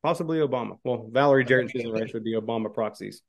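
A man co-hosting a podcast, reading news items aloud and chatting, with frequent "uh" pauses. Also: medium pitch, dull audio. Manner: drawling, many "uh" pauses. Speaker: podcast co-host. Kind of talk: casual political chat, reading news aloud.

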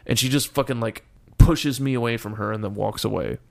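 Gravelly young man telling a story. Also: mid-range voice, fairly quick. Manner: profane, exasperated retelling. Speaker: storyteller guest. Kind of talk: casual storytelling.

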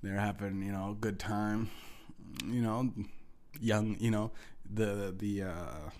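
A man's voice: on the low side, fairly even intonation, takes it slowly, darkish tone. Rambling, profane male podcast host. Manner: rambling, profane, lots of restarts. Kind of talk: casual storytelling.

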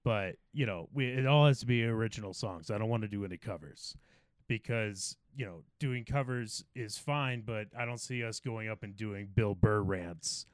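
A man's voice: fairly low pitch, normal speed, no echo. A man co-hosting a comedy podcast, rambling through a story in casual chat. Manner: rambling, storytelling, laughs often. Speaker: podcast co-host.

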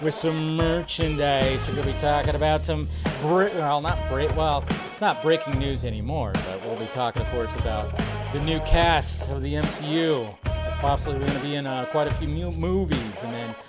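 A man's voice: a little high, normal speed, over loud music. Chatty man hosting a live stream. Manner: loose, chatty, greets chat viewers by name. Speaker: live show host. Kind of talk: casual live-stream chat.

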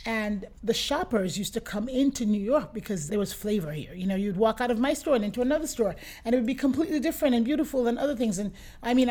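A middle-aged woman who owns a boutique, chatting as an interview guest and telling lively anecdotes, often acting out what her customers said. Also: on the high side. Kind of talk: casual interview storytelling.

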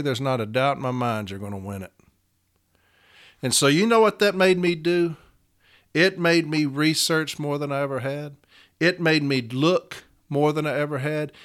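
A man's voice: a little high, a bit bright. A middle-aged man and union shop steward giving an impassioned, repetitive talk to fellow members. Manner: fervent, repetitive, preacher-like cadence.

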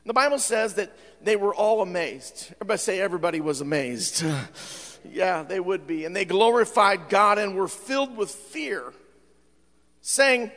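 A male pastor preaching a sermon, with frequent "uh" fillers, swinging between fervent shouting and quieter appeals. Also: sits high. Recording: long hall reverb.

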